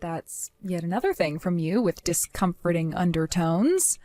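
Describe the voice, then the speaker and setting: An actress voicing a calm young woman defending her savings, speaking in a firm, measured, articulate way in a voiced story drama. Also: fairly low pitch, no echo.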